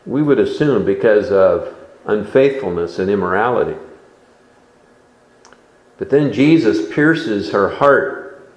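A man preaching a sermon in a slow, deliberate expository style, recorded in a church sanctuary. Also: lowish voice, lively intonation, roomy sound, low-quality recording.

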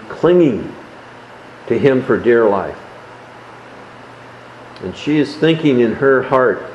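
A man preaching a sermon, explaining a Bible passage in a measured way and dropping his voice softly on key words. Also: mid-range voice, reverberant, highs cut off, a little hiss or hum.

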